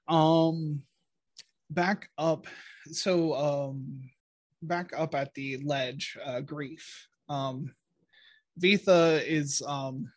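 A man running a tabletop game over a call, halting through his narration with frequent ums and little laughs. His voice is somewhat high and unhurried. The sound is dry and close. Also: dry recording. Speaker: game master.

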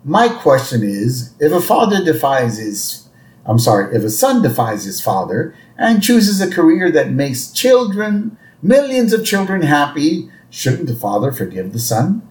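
Dude doing a cheeky cartoon kid, pitched up, echoey room. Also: male voice, wildly swooping pitch, a little slow, darkish tone. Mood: sly. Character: cheeky cartoon boy posing as a caller.

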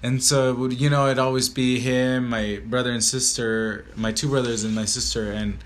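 A man's voice: medium pitch, level tone, normal speed, a little hiss or hum. A man in his thirties from California, with a mid-range voice, chats as a podcast guest. His talk is loose and laid-back, dotted with swearing and "like". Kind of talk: casual podcast chat.

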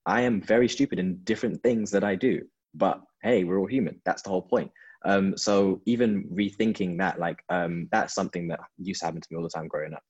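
A man's voice: deep voice, fairly even intonation, a little fast, darkish tone, husky, dull audio. A young man from London, a guest in a casual interview, talking thoughtfully with lots of fillers over a video call. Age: young adult. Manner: thoughtful, reflective, with frequent fillers.

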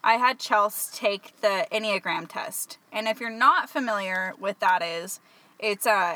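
A woman from California with a Californian accent, hosting a casual podcast chat and explaining things in a relaxed, rambling way with fillers. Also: mid-range voice, unhurried. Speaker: podcast host.

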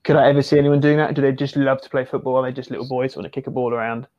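A man's voice: mid-range voice, fairly even intonation, racing, a little mellow, lo-fi sound. A man in casual football chat, rambling and hesitant with many fillers and restarts.

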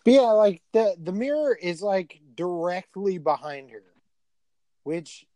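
A man's voice: high-pitched, animated, measured pace, warm tone, no room sound. A man retelling a movie in a casual chat, rambling and profane, with lots of filler words.

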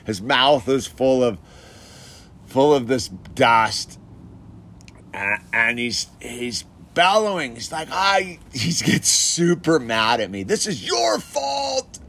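A man's voice: medium pitch, lively intonation, slow, a bit bright, slight background noise. A man casually telling an anecdote, chatty, laughing often and full of filler words. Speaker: storyteller.

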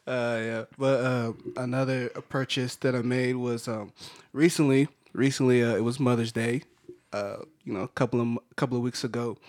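A man co-hosting a podcast, rambling through a family story with excited restarts. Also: mid-range voice, normal speed. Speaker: podcast co-host. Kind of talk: casual storytelling chat.

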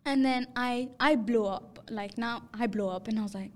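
Young woman, podcast host, higher voice, animated storyteller who acts out quotes. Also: moderate pace. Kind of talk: casual storytelling chat.

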